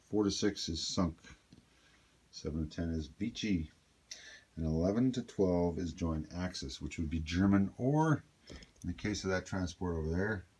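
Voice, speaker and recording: Low-voiced man talking through a board game. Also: husky. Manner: thinking aloud, chatty asides to himself. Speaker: board game player explaining a solo playthrough. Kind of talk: casual tabletop game walkthrough.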